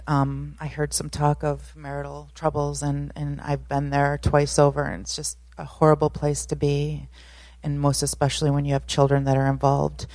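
A middle-aged woman photographer giving a personal testimony as a guest speaker at a church service, nervous and halting, with many fillers. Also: sits low, darkish tone, no echo.

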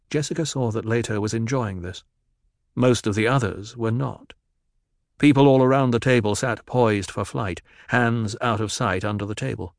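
A man narrating a story in a steady, even storytelling manner. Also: on the low side, normal speed, dry recording, clean studio sound. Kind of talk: scripted audiobook narration.

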